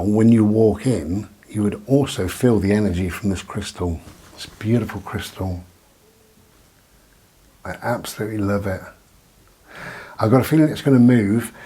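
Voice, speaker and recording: A man's voice: on the low side, moderate pace, pauses often, mellow, breathy edge. A man rambling at home about his new crystal in a hesitant, reflective monologue, with frequent ums. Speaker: vlogger. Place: living room of his bungalow.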